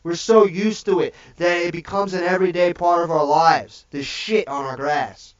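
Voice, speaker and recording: A man's voice: high voice, steady tone, normal speed. A man giving a preachy, profane livestream rant, repeating "okay?" after each point. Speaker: livestream host. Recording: dull distant mic.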